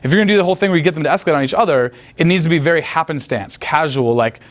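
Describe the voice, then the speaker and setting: A young man teaching as a dating coach in casual seminar talk, blunt and crude, checking in with his listeners often. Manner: blunt and crude, acts out quick high-pitched quoted exchanges.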